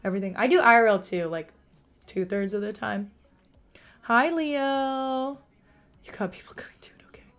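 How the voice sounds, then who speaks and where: A young woman streaming from a room at home with a monotone voice. She chats casually and answers her chat. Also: mid-range voice, fast. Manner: chatty, reads out and answers chat. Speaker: live streamer.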